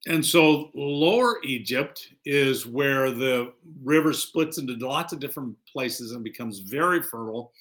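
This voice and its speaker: Middle-aged guy preaching, bright voice, chatty sermon, acts out the quotes. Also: medium pitch. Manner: conversational preaching with quoted lines acted out. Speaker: pastor.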